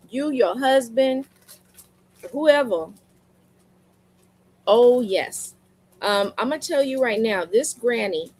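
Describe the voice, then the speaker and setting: This seller's voice is high and a touch mellow, caught on a streaming mic with slight background noise and rough quality. Talking directly to her audience during a live sales stream, she tells casual stories and says lines twice for emphasis.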